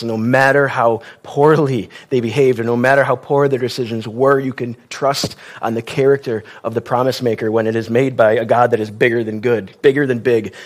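A man preaching a sermon in a conversational style, with wry asides and questions to the congregation. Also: mid-range voice.

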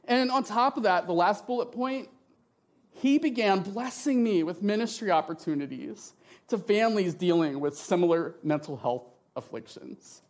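Middle-aged man, church testimony speaker, passionate, expressive, emotional. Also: high voice, moderate pace. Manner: passionate and expressive, often asks "right?". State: tearful at times. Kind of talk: emotional testimony talk with slides.

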